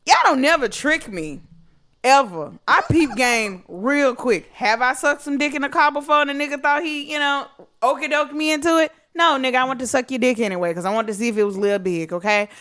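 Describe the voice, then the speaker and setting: Woman, high voice, podcast co-host, casual chat, blunt, profane storytelling. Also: brisk, fairly bright tone.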